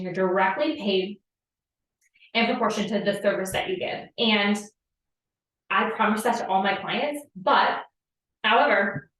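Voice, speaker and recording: A woman's voice: medium pitch, fairly bright tone. A woman hosting a live spiritual coaching talk, chatty and profane, with many fillers. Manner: casual, profane, filler-heavy with frequent "like". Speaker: podcast host and manifestation coach. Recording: echoey room, distant from the mic.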